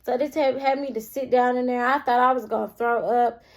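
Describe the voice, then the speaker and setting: A young woman telling a storytime vlog, animated and constantly addressing her viewers directly. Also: on the high side, brisk. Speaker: vlogger.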